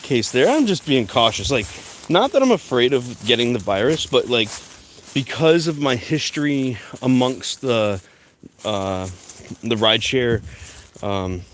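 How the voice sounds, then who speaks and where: A young man rambles to his phone camera as he walks outside, often stopping to restart his sentences. His voice sits at a middling pitch. A faint noise runs behind him. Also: expressive, unhurried. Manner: rambling, many fillers and restarts. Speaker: vlogger. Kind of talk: walk-and-talk vlog.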